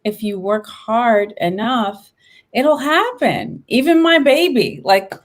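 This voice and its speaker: Animated woman in her late thirties. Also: a little high, takes it slowly. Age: 30s. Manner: animated, expressive, upbeat. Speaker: guest, veteran and entrepreneur. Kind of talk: casual interview chat.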